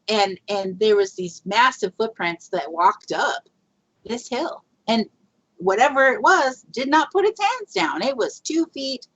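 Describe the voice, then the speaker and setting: A woman's voice: medium pitch, a bit bright. Chatty woman on a lo-fi podcast. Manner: chatty, rambling with fillers and laughs. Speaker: guest Bigfoot researcher. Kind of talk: casual storytelling in a podcast interview. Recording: lo-fi muffled audio.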